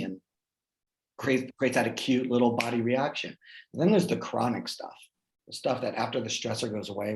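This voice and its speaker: A man talking casually as a guest, telling personal stories in an animated way and often checking in with "right?". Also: medium pitch, poor audio. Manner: animated, lots of restarts and "right?" tags. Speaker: guest speaker. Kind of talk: casual conversational storytelling.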